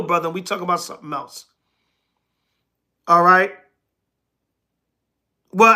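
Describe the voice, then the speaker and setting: A man teaching scripture on a livestream. He reads verses slowly and carefully, then breaks off to answer commenters bluntly, repeating himself and calling them "brother". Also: sits high, sharp tone. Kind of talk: sermon mixed with casual replies to live chat.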